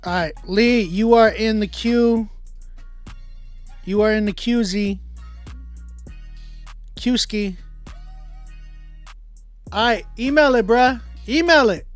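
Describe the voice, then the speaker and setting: A man hosting a casual livestream, chatting with viewers in slang and often trailing off into quiet mumbles. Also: high voice, slow, pauses often, no echo, faint music behind. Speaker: livestream host running a song battle.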